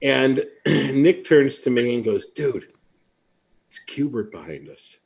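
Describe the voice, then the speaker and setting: A man hosting a live online event, chatting casually and telling a story with lively asides. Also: medium pitch, takes it slowly, vocal fry, slightly rough. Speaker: host. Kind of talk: casual live-stream chat.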